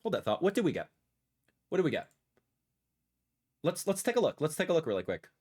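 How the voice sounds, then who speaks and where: A man in his thirties, a gaming content creator, giving excitable, ranting livestream reaction commentary. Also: on the high side, brisk.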